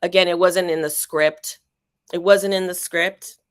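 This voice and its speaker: Reflective middle-aged actress, dry sound. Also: female voice, fairly low pitch, steady tone, unhurried, clean tone, no echo. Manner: reflective, hesitant, many fillers. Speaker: actress, guest. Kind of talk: casual interview chat.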